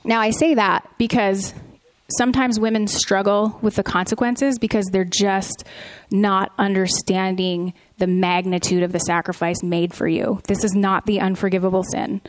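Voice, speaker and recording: Woman talking about her faith, earnest, lots of ums, mid pitch. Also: steady tone, moderate pace. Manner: earnest, with frequent ums and restarts. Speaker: podcast co-host. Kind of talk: candid Christian testimony.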